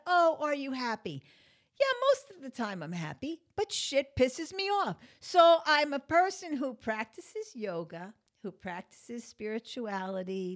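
A woman hosting her own talk show, chatting casually and ranting bluntly, swearing freely as her exasperation builds. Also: a little high. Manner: conversational, chatty with fillers. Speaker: podcast host. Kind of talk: casual monologue rant.

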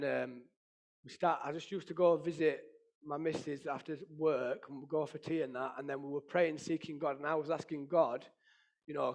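A man, sharing an emotional personal testimony in an earnest storytelling manner. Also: a little high. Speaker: testimony speaker.

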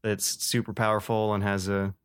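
A man co-hosting a casual games podcast, telling stories with lively bursts of excitement and frequent laughter. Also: on the low side, normal speed, smooth. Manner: animated storyteller, laughs often. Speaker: podcast co-host. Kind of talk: casual chat about games.

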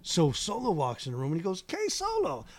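Rapid-fire chicago guy telling stories, swears a lot, kinda high voice. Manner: animated, profane, acts out quotes. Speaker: guest rapper. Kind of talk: casual storytelling in a podcast interview.

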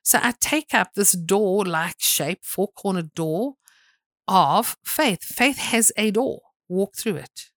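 A woman's voice: medium pitch, animated, takes it slowly, no room sound. Woman preaching, punchy and repetitive, pretty dry close sound. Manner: emphatic, repetitive preaching with dramatic bursts. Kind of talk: sermon.

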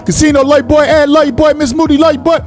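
High-pitched host guy, blunt and cussing, casual radio rant, faint music behind. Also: steady tone, fast. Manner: blunt, profane, ranting.

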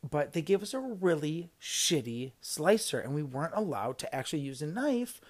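A man's voice: a little high, big pitch swings, normal speed. A young man on a casual podcast, retelling a work story in a heated, swearing rant with emphatic outbursts. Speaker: podcast guest recounting a job story.

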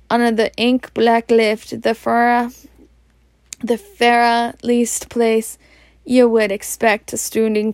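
A woman with a Scottish accent reads a storybook aloud, slow and even, her slightly high voice hardly rising or falling. There is a gravelly fry in her tone. The recording is close and dry. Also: no room sound. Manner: slow, even, with slips and restarts. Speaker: reader. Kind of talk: storybook reading in Scots.

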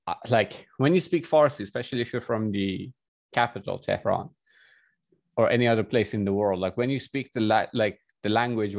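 Young man, from Iran, casual chat, rambling, self-interrupting, mid pitch. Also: dry recording.

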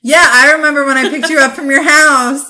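A young woman co-hosting a casual chat, telling animated stories and acting out quotes with laughter. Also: sits high, brisk, noisy background. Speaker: podcast co-host.

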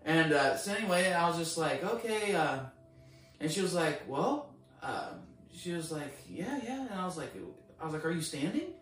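Animated storyteller man in an echoey room. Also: fairly high pitch, moderate pace. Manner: acts out both sides of a story with rising excitement. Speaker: guest. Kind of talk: animated storytelling in casual chat. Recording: echoey room, distant mic.

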